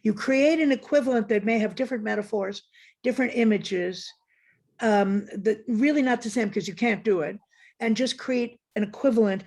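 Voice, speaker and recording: This woman's voice sits a little high, with a darkish tone and a moderate pace. As a guest critic in a conversational academic exchange over video call, she speaks frankly, digresses, and keeps correcting herself.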